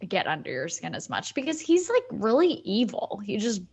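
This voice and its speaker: A woman's voice: medium pitch, huge pitch swings, moderate pace, husky. A woman co-hosting a podcast, chatting casually and asking her guest questions. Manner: conversational, asks questions. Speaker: co-host.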